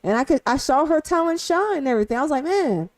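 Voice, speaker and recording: A woman streamer in casual, profane commentary who fires off rhetorical questions and swings from loud to hushed. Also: high-pitched, lively intonation, fast.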